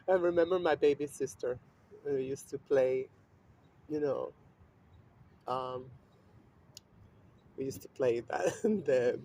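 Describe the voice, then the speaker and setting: A man's voice: medium pitch, mellow. Man rambling in a casual, profane monologue. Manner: rambling, profane, with frequent fillers and laughs. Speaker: vlogger.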